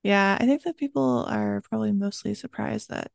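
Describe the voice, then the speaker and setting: A woman's voice: medium pitch, normal speed, vocal fry, dry recording, studio quality. A woman who grew up in Georgia and southern Maryland, co-hosting a podcast with playful, joking banter. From Georgia and southern Maryland, USA. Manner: playful, jokey, presents the research. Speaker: podcast co-host. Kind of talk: casual chat.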